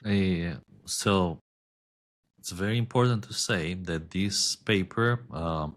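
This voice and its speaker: Low-voiced man. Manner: measured, many filler ums. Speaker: podcast co-host. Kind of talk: casual chat.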